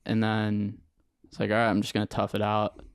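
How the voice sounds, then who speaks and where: A young man, a podcast guest, telling his story in an animated, slangy way with lots of acted-out quotes. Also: on the low side, brisk, clean tone, dry recording, studio quality. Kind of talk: casual storytelling interview.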